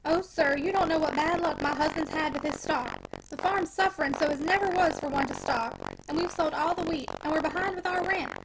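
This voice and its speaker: A woman's voice: high-pitched, animated, brisk, hardly any pauses. A woman voicing a distraught, humble middle-aged farm wife and aunt who pleads tearfully. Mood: pleading, tearful. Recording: noisy home recording.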